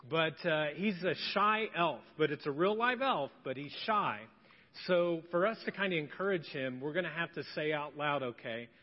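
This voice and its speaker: A man speaking to children in a church, in a friendly, halting way full of "uh"s, with a fairly high voice. The sound is dull and lo-fi, with a long reverb from the hall. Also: lively intonation. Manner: friendly, hesitant, many "uh"s.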